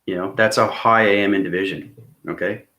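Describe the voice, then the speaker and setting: Low-voiced man rambling earnestly to viewers. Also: steady tone, brisk, pushed and bright. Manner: keeps checking in with "okay?" and "right?"; intense and earnest. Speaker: spiritual vlogger.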